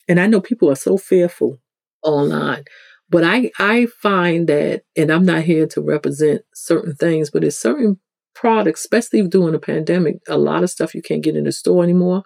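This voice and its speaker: New York-accented spiritual host, loose chatty teaching, warm tone, dry recording. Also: normal speed, gravelly, dry recording. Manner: conversational, rambling, with frequent restarts; acts out quoted people with sudden pitch jumps. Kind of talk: casual spiritual teaching talk.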